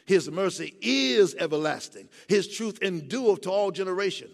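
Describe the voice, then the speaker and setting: An older man preaching a sermon, swinging from low, quiet passages to soaring, emphatic shouts. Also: expressive, moderate pace, vocal fry, few pauses. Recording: long hall reverb.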